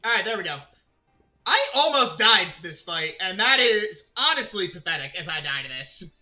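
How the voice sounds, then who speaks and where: A man's voice: high-pitched, big pitch swings, normal speed, pushed and bright, faint music behind. A man streaming a video game, chatting casually with his viewers and rambling as he plays. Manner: rambling, chatty, talks to chat and to himself. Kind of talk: casual gaming livestream chat.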